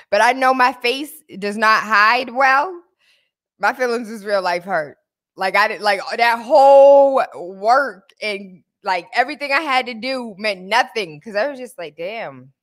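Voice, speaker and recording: A woman hosting a show, chatting casually and telling animated stories full of slang. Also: a little high. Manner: animated storytelling, lots of laughter and slang. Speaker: host. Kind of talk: casual chat.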